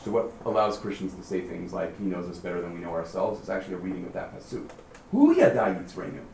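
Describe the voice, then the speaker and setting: A man leading a text study class, lively and questioning, thinking aloud as he explains. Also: deep voice, fast talker, vocal fry. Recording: roomy, far from the mic, faint noise.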